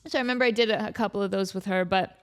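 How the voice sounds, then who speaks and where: A woman's voice: mid-range voice, racing. A woman in her thirties hosting her own podcast, chatting casually and bubbly, full of "like" fillers and playful asides. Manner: playful, jumps into excited voices when telling stories. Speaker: podcast host. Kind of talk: casual solo podcast chat.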